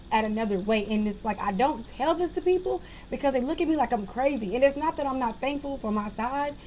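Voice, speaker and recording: A woman venting to her viewers in a casual monologue into a webcam, animated and exasperated. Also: fairly high pitch, a little hiss or hum, rough recording. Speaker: vlogger.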